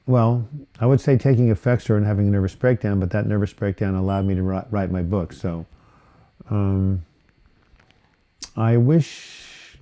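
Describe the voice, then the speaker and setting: A man's voice: on the low side, mellow. A man hosting a live viewer Q&A on mental health, rambling casually through comments with fillers and self-corrections. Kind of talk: casual live-stream chat, reading and answering viewer comments.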